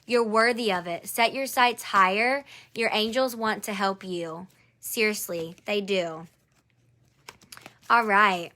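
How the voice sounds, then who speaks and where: A woman's voice: mid-range voice, slow, bright, forceful tone. A woman doing a live-streamed angel card reading. She speaks to one viewer by name, encourages her, and repeats her phrases.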